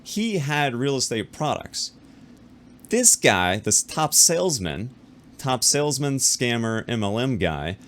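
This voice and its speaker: A man casually telling his audience a business story to camera, talking fast with frequent repeats and restarts, and acting out the other people in the story. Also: medium pitch, a bit bright.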